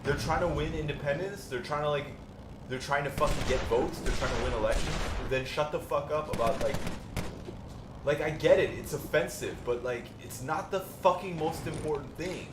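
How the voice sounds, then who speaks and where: A man's voice: fairly high pitch, moderate pace. A man co-hosting a podcast, chatting casually and bluntly while playing a video game, swearing often. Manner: blunt, heavy swearing, ranting. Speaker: podcast co-host. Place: home streaming setup. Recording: roomy echo, background noise. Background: game sounds.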